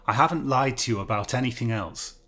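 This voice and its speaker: A man's voice: medium pitch, fairly quick, bright, forceful tone. Guy voicing a nervous stuffy teacher stuck in a prison cell, all prim and defensive, story reading. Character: anxious pompous male schoolteacher prisoner, pleading.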